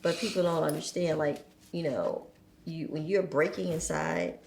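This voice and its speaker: A woman in a casual podcast conversation, speaking in a reflective, measured way with many fillers. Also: low voice, a little mellow. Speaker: podcast guest. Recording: echoey room with faint noise.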